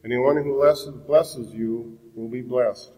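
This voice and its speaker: A man reading the part of an aged, blind father in a scripture reading, in a measured, solemn way. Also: mid-range voice, steady tone, mellow, in a large hall, close to an everyday voice, rough recording. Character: aged blind father blessing his son.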